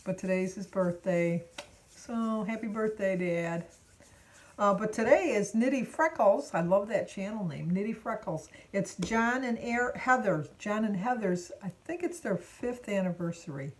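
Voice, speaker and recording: A woman's voice: mid-range voice, unhurried. A woman in her sixties from Michigan, chatting casually to her viewers and telling rambling family stories, often stopping to correct herself. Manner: rambling, self-correcting storyteller. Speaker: vlogger. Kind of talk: casual chat.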